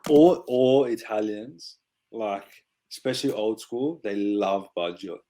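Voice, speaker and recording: A man co-hosting a podcast, telling a story in a relaxed, casual way. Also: fairly low pitch, slow. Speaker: podcast co-host. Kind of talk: casual chat.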